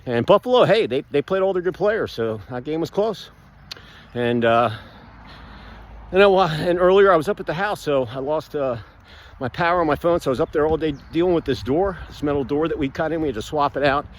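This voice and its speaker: A man talking casually while walking outside, rambling with lots of fillers and animated outbursts, recorded on a phone. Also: fairly high pitch, fairly quick. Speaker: vlogger, builder. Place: outdoors, walking past a pool.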